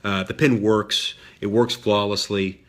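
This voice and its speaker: Low-voiced man telling a dry story. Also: flat delivery, unhurried. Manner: dry self-deprecating humor with frequent fillers. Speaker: senator. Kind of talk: storytelling talk.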